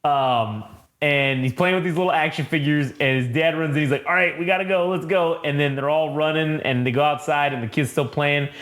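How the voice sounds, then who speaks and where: Young male co-host, higher-pitched, profane and excitable, casual comic review chat. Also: fairly quick. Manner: profane, excitable, acts out quotes. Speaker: comic book podcast co-host.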